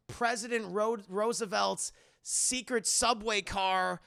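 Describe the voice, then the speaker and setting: Speaking at a moderate pace, this man has a high, gravelly voice that sounds pushed and bright. In a casual spoiler review for his stream chat, he swears freely, stays sarcastic, talks straight to the viewers, and performs the film's quotes as he recaps the plot.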